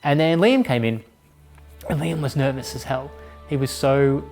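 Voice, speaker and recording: A man's voice: medium pitch, normal speed, darkish tone, faint music behind. A man who directed the film, looking back candidly on casting in a documentary interview. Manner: reflective, candid recollection.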